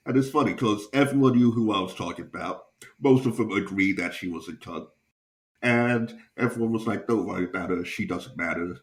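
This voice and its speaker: A young man with a slightly low voice tells a crude, chuckling anecdote on his podcast. He is a stand-up comic in casual storytelling mode, swearing freely and laughing along with his own tale. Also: a little fast, reverberant. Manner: profane, chuckling, animated anecdote-telling. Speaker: stand-up comedian and podcast host.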